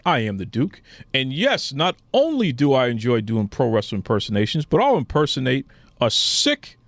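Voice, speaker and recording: A man's voice: medium pitch, huge pitch swings, moderate pace, fairly bright tone, no room sound. A man hosting a podcast in a casual, teasing banter with his co-host. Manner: teasing, mock-indignant.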